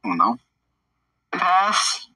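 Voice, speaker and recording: A man's voice: sits high, very animated, takes it slowly, pushed and bright, dry recording, far from the mic, poor audio. A man playing a student in a casual role-play, who talks hesitantly and fills gaps with "uh". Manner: hesitant, with many "uh" fillers. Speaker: player acting as a student.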